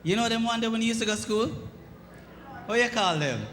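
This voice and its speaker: A Jamaican man emcees a live event in a high, bright voice, joking and teasing between acts. He slips into patois asides, with soft music and a long hall echo behind him. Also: a little fast, a little hiss or hum. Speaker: event host, radio personality.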